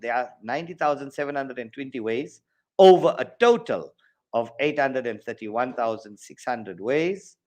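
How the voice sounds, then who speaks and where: A man with a South African accent teaching an online exam-prep maths lesson over a video call, lively and jokey, counting steps out loud. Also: mid-range voice.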